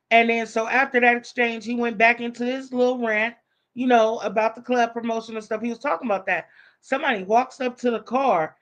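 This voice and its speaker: A woman's voice: fairly high pitch, fairly bright tone. A woman live streamer telling a story in casual, profane talk, acting out the voices of the people she quotes.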